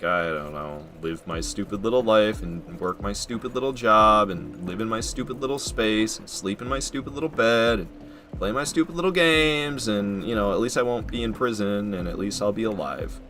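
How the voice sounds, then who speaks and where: Swearing young male streamer, bright voice. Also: lowish voice, expressive, normal speed, slight background noise. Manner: swears a lot, rants heatedly. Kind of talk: casual stream chat.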